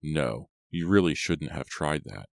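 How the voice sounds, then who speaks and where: An unstable young man mutters and rambles with quiet menace, as a deep-voiced audiobook narrator plays him. The voice sits very low and close. There is no room sound. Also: animated, a little slow, creaky, dry recording, full character voice. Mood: menacing.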